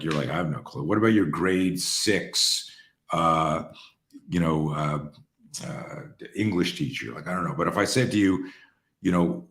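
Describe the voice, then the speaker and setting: A man with a very low voice tells stories casually and with energy. He restarts his sentences often and swears freely. He sounds like he is in a roomy space with a clear echo. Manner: animated, profane, restarts often. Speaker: host. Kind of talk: casual storytelling talk.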